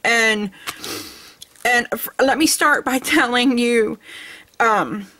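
A middle-aged woman hosting her crafting vlog, gushing with excitement and laughing often. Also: a little high, takes it slowly. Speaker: crafting channel host. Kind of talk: casual vlog chat.

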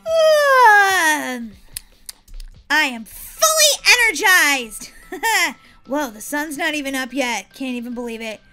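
A woman voicing Molly, an excitable young girl in a game role-play, chatty and giggly, talking to herself. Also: high voice, slow pace, soft background music, heavily acted. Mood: excited. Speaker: roleplay gamer.

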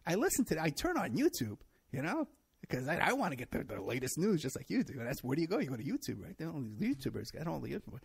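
A gravelly, slightly husky middle-aged man talks alone on his own show. His pitch swings widely as he rambles, jumps to sarcastic high notes and chuckles at his own points. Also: huge pitch swings, fast. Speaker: show host. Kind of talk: solo monologue commentary.

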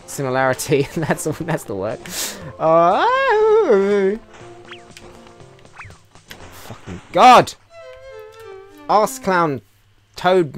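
A man with a British accent giving sarcastic, profanity-laced commentary while playing a video game, often breaking into loud excited yelps. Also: mid-range voice. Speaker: let's play host. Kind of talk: casual gameplay commentary.

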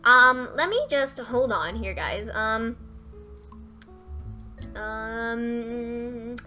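A young woman streaming a fishing game live, chatting straight to her viewers and breaking into squeals and shouts when she gets excited. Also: on the high side, very slow, faint music behind. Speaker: gaming streamer.

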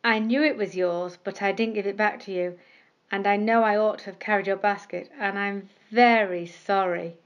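A woman voicing a fretful little crooked old man in a storybook, crying out in a high, anxious voice. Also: fairly even intonation, moderate pace, muffled recording, close to an everyday voice. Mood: sheepish.

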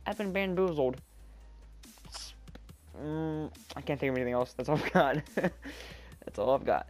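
A man giving chatty let's-play commentary, rambling and getting excited as he plays. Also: medium pitch, normal speed. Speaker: gameplay commentator. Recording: quiet background music. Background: faint background music.

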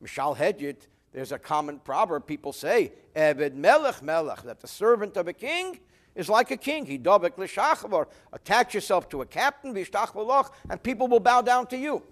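An older rabbi works through a text, reading each phrase and then explaining it. His voice sits a little high for a man and swings between loud emphatic bursts and low quiet asides. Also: normal speed. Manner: expressive, rising and dropping in pitch and volume. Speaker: rabbi teaching scripture. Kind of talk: line-by-line text lesson, Hebrew read then translated.

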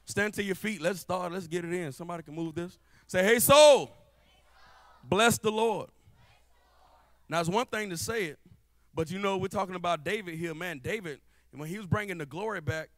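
A young man preaching a lively sermon in church. He jokes and calls out to the congregation in a casual, playful way. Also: sits high, fast, dry recording. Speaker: guest preacher. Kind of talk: lively church sermon with spoken-word rap. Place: church sanctuary before a live congregation.

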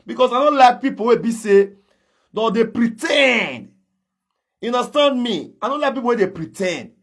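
A man's voice: very high-pitched, animated, moderate pace, vocal fry. A man with a Nigerian Pidgin English accent, confronting someone in a heated gossip commentary. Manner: confrontational, calls out and challenges directly. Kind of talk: ranting social media commentary.

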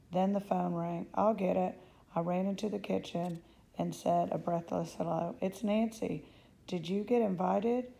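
A woman reading a children's novel aloud, lifting her voice for the young narrator's excited thoughts. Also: fairly low pitch, creaky, low-quality recording. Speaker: audiobook reader.

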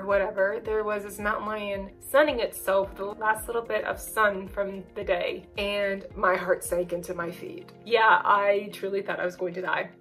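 A woman telling a personal story in a chatty, animated way with lots of casual fillers. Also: medium pitch, rough recording.

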